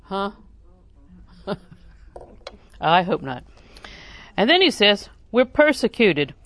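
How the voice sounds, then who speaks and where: In an extremely slow, sing-song, mid-range voice, a middle-aged woman preaches with folksy humor. She often laughs softly and slips into loud, performed exclamations.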